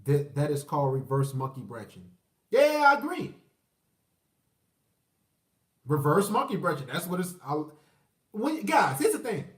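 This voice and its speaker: High-voiced ranting man in his thirties. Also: lively intonation, normal speed, recorded from a distance. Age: 30s. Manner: profane, rambling, mocking voices, shout-outs to viewers. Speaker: livestream host. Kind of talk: ranting livestream commentary. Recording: roomy echo, away from the mic.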